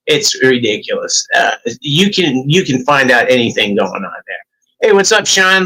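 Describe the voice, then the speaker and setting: A man's voice: high-pitched, vocal fry, sharp tone, poor audio. A man hosting a casual livestream, chatty and upbeat, greeting viewers by name one after another. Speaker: livestream host.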